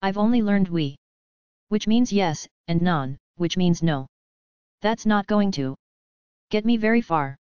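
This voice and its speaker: A woman's voice: medium pitch, animated, measured pace, pauses often, darkish tone, clear, resonant tone, no room sound, highs cut off, natural voice. A woman reading the part of an earnest little girl who frets in a storybook reading. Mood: fretting. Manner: earnest, fretting.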